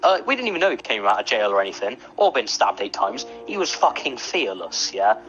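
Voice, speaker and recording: A young man telling a wild story in a casual chat, animated and full of swearing. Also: lowish voice, fairly quick, lo-fi sound, faint music behind.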